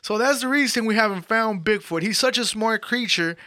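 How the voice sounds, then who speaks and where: A man hosting a casual podcast chat, telling animated, profane stories and acting out the people in them. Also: sits high, brisk. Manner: animated storyteller, profane, acts out quoted people. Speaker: podcast host.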